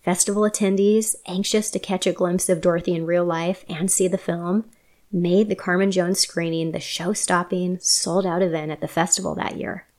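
A woman narrating a scripted film-history documentary in a measured storytelling manner. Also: lowish voice, fairly even intonation, darkish tone. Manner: measured storytelling, quoting sources.

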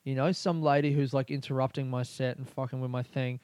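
A man's voice: medium pitch, flat delivery, fairly quick, a little mellow, clean tone, dry recording. A young man, a comedian, talking through a candid, rambling personal monologue full of fillers and swearing. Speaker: comedian podcast host.

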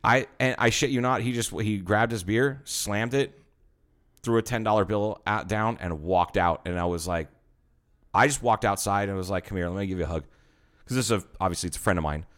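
Low-voiced man telling bar stories. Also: brisk. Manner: animated storyteller, swears a lot, acts out quotes. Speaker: podcast host, bartender. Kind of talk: casual podcast chat.

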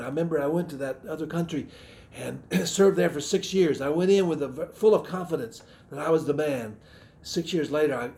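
A middle-aged man from the Southern United States giving a personal testimony in a sermon, earnest and reflective, often pausing and restarting his sentences. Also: medium pitch, vocal fry, warm tone, slight background noise. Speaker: missionary speaker giving testimony.

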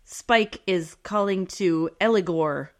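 A woman's voice: on the low side, slow pace. A woman co-hosting a podcast, casually recapping a TV episode in a chatty way and laughing often. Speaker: podcast co-host.

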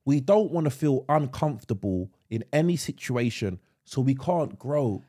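A British man in his thirties talks loosely on a podcast, his pitch swinging up and down as he gets worked up. He swears casually and stumbles, repeating words as he finds his point. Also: big pitch swings, moderate pace, mellow. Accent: British English. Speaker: podcast co-host. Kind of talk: casual chat.

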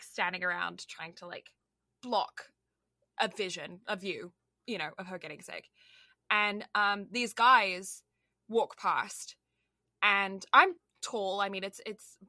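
A young Canadian woman co-hosts a podcast, chatting casually and rambling, heavy on "like" and "um." Her mid-range voice sounds pushed and bright. The clean studio recording has no room sound.

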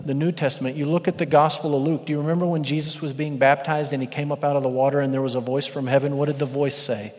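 A man preaching an expository sermon in a church sanctuary, his voice sitting a little high for a man. He is animated and climbs to shouts when he drives a point home. The long reverb of a large hall trails after his words. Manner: animated, rising to shouting for emphasis. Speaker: pastor.

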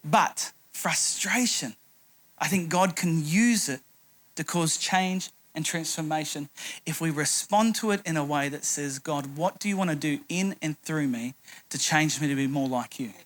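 A man's voice: a little high, unhurried, fairly bright tone. A middle-aged man preaching a sermon, telling a humorous anecdote as a pastor.

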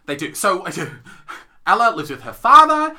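Brief: young guy, very bright, lively swooping delivery, giggles through his lines. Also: sits high, measured pace. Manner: giggly, laughs often mid-sentence. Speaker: podcast co-host reviewing theatre. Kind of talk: casual chat.

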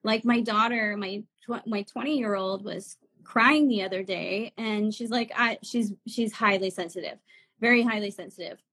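A woman's voice: medium pitch, normal speed, fairly bright tone, husky. A woman in her forties, a spiritual guide talking as a guest in a casual live chat, earnest and laughing often. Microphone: video call.

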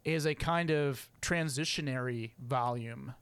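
A man's voice: medium pitch, unhurried, a bit bright, clear, resonant tone. A young man co-hosting a podcast, rambling playfully and laughing often in casual chat. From United States. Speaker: podcast co-host.

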